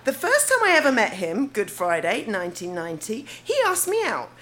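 A woman's voice: medium pitch, wildly swooping pitch, brisk, a bit bright, a faint crowd, a little hiss or hum. A woman with a London accent reading her old teenage diary aloud on stage, playful and self-mocking, laughing through her lines. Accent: London English. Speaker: reader at a live show. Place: live venue stage.

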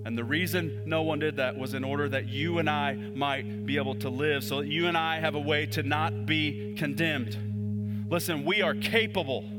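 Man, pastor, sermon in a church, slightly high voice, soft music behind. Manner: shifts between urgent fast lines and slow hushed emphasis. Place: church sanctuary.

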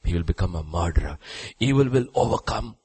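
A man preaching a sermon who swings between hushed, low passages and loud, high exclamations. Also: animated, a little fast, breathy edge, no room sound, low-quality recording.

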